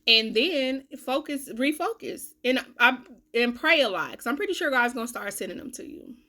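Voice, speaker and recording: A young woman vents into the camera in a blunt, profane vlog. Her voice is bright and a little high, and it swings from loud outbursts to low muttering. She coughs now and then. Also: lively intonation, normal speed. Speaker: vlogger, self-styled life coach. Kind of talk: candid talking-to-camera vlog.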